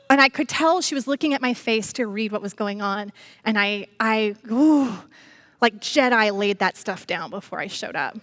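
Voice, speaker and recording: Middle-aged woman preacher, animated sermon storyteller, slightly high voice, dry close mic. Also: fairly quick, no room sound. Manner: animated storytelling, addresses congregation as y'all. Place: church.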